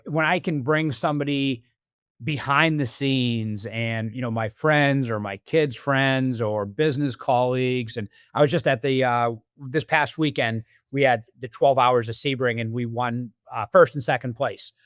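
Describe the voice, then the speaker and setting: A man's voice: mid-range voice, no echo, studio quality. A man as a podcast guest, telling stories and acting out quoted dialogue in a conversational interview. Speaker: podcast guest, business executive.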